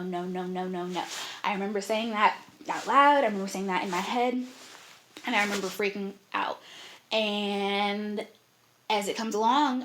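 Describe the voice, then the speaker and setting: A woman's voice: mid-range voice, fairly bright tone, a little hiss or hum. A young woman vlogger telling a personal story in a candid, heartfelt way, with many fillers.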